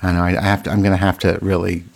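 A man's voice: low-pitched, level tone, racing, vocal fry. A man hosting his own solo podcast in a candid, exasperated, rambling way, full of restarts and stammered repeats. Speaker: podcast host. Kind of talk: casual solo podcast monologue. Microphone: desk podcast mic.

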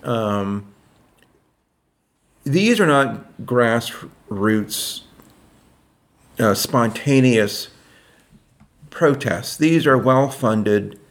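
A man's voice: medium pitch, expressive, extremely slow, long pauses. A man in his sixties co-hosting a podcast, talking politics casually and stretching out key words for emphasis. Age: 60s. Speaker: podcast co-host.

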